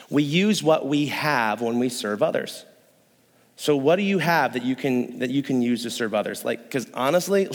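Joking young pastor in a reverberant hall. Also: male voice, mid-range voice. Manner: joking, playful, acts out voices. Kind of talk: sermon. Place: church hall.

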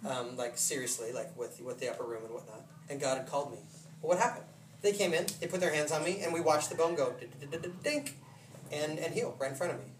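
Animated male preacher in a roomy hall. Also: medium pitch, quick pace. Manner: animated storytelling with laughs and voiced asides. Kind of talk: casual sermon. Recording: roomy hall from a distant mic with noise.

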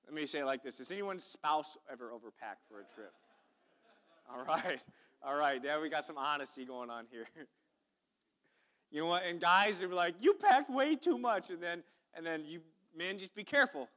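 A male pastor preaches in a church sanctuary, folksy and chatty, tossing questions out to the congregation. His voice is bright and forward, pitched a little high for a man. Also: moderate pace. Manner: folksy, chatty preaching with audience call-outs. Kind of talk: sermon.

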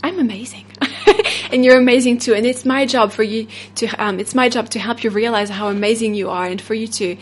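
Solo podcast host, woman, French accent, rambling and upbeat, slightly high voice. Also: a little fast. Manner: rambling, upbeat, laughs often, many fillers. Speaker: podcast host and self-love coach.

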